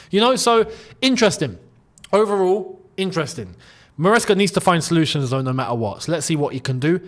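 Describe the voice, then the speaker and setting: A man hosting his own football channel, talking straight to his viewers in a jokey, animated way. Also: high-pitched, moderate pace, pauses often. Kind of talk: casual football commentary vlog.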